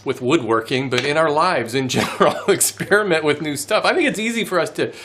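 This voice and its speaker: Guy chatting to his channel, laughs at himself a lot, kinda high bright voice. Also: a little fast, slight background noise. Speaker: woodworking channel host. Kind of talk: casual chat to camera.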